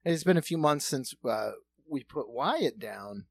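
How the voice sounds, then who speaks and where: A man's voice: mid-range voice, a little slow, gravelly. A man co-hosting a comedy podcast, telling jokey stories in casual, profane banter. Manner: animated, profane, jokey storytelling. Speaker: podcast co-host.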